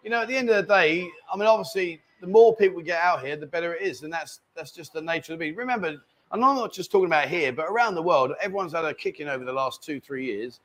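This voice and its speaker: Fast-talking bar host. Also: male voice, a little high, lively intonation, a bit bright. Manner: banter, reading out viewer comments. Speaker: live-stream host. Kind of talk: casual live-stream chat. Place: bar lounge.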